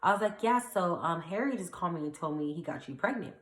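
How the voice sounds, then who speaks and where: A young woman with a low, bright-edged voice tells a personal story in a loose, chatty way, acting out what people said. Her voice carries a noticeable echo from the room she records in. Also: quick pace. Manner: chatty, animated retelling with fillers and acted-out quotes. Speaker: vlogger. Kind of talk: casual storytime. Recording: echoey room.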